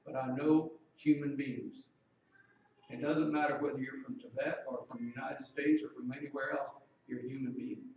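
A man's voice: mid-range voice, steady tone, normal speed, a little mellow, very echoey, distant mic, highs cut off, slight background noise. A man preaching a sermon in a conversational way, asking the congregation questions.

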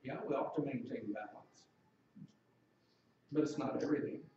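A man's voice: medium pitch, normal speed, gravelly, warm tone, heavy reverb, far from the mic, dull audio, slight background noise. A man preaching a sermon in a conversational way, asking the congregation questions.

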